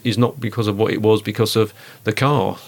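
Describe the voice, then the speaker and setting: A man in a relaxed discussion, talking in an animated, rambling way with lots of fillers. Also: lowish voice, brisk, vocal fry. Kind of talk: conversational discussion.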